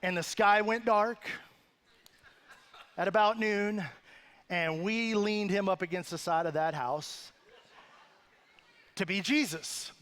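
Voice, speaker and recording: A man's voice: sits high, slow pace, pauses often, a bit bright. A man preaching a sermon as pastor, telling a humorous family story in a conversational, self-deprecating way with asides to the congregation. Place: church sanctuary.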